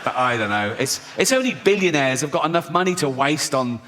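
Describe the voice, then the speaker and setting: A man's voice: fairly high pitch, animated, brisk, fairly bright tone. A man doing stand-up comedy, mocking and sweary. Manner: mocking, swearing, acts out voices. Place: large theatre stage.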